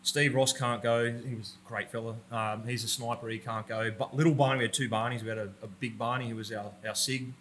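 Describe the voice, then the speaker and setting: An Australian man with a bright, forward voice tells war stories in a podcast chat. He swears freely and laughs at his own anecdotes. A faint hiss sits under the recording. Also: medium pitch, flat delivery, fast, few pauses. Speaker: podcast guest, army veteran. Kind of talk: conversational war storytelling. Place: room with a roller door.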